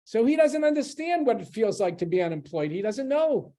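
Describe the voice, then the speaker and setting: A man giving a public lecture at a library as a guest speaker, explaining in a conversational way with pauses and restarts. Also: sits high, sing-song, mellow.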